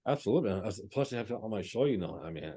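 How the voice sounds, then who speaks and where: A man's voice: on the low side, expressive, very fast, warm tone, breathy edge. A male podcast host who stammers and repeats words as he asks questions. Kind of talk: casual interview.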